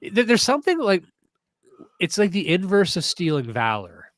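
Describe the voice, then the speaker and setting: A man's voice: high voice, huge pitch swings, moderate pace, dry recording. A man hosting a comedy podcast, riffing sarcastically in a casual rant and reading posts aloud in mock voices. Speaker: podcast host.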